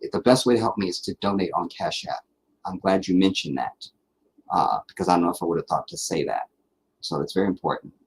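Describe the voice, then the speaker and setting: A man's voice: low voice, darkish tone, slight background noise, low-quality recording. A man hosting a casual live stream, chatting loosely with viewers, rambling, repeating himself and laughing easily. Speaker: livestream host. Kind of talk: casual live chat reading viewer comments.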